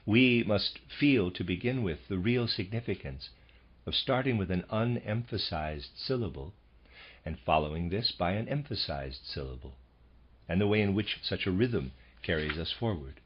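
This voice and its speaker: A man with a very low, slightly husky voice reads a lecture in a measured, formal way. The audiobook sound is a little dull and lo-fi. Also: animated. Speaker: audiobook narrator. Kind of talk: scripted audiobook reading of a lecture.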